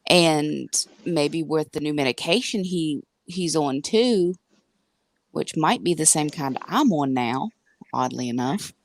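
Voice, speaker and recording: A woman in a casual paranormal chat, speaking slowly and thoughtfully with a little hesitation as she offers a theory. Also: deep voice, dry recording.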